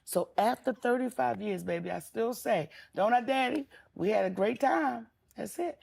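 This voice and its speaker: Brief: older woman comic, gravelly husky voice, candid storyteller, a bit high. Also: lively intonation, moderate pace, a little mellow. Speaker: guest comedian. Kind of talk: casual chat.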